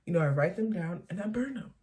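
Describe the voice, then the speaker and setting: A young woman talking openly and haltingly in a confessional personal vlog. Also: on the low side, expressive, dark tone. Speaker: vlogger.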